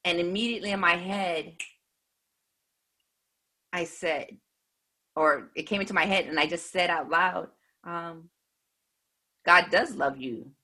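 A woman earnestly recounting a personal faith testimony in a measured way. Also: on the low side, steady tone, pushed and bright. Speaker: speaker giving a faith testimony.

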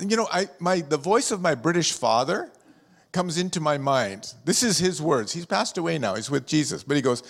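A man's voice: on the high side, animated, moderate pace, vocal fry, a bit bright. A middle-aged man preaching a sermon in church, chatty and jokey, telling stories and asking the room questions. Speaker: pastor and district superintendent. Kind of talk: sermon with humorous storytelling. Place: church hall with a live congregation. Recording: long hall reverb.

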